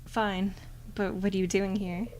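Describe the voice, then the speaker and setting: A woman quietly voicing a wary young ghost girl, guarded and questioning, in a whispered role-play. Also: mid-range voice, level tone, a little slow, very noisy, lightly acted.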